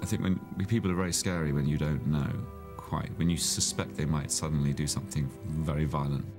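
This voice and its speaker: A man, an actor, speaking in a measured, thoughtful way about playing a villain. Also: a bass voice, fairly even intonation. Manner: thoughtful, measured, searches for words. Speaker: actor interviewed about his villain role. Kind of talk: reflective interview. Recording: interview with music under it.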